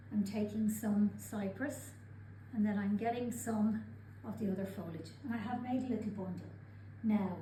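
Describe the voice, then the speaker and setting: A female craft instructor with a voice on the high side calmly and methodically narrates her own actions as she demonstrates a craft. The recording sounds roomy, with clear, noisy background ambience.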